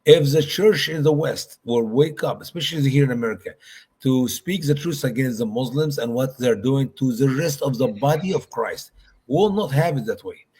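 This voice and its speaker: A man's voice: mid-range voice, normal speed, a little mellow, husky. A man speaking as a guest in a conversational discussion, emphatic and repeating his points for stress.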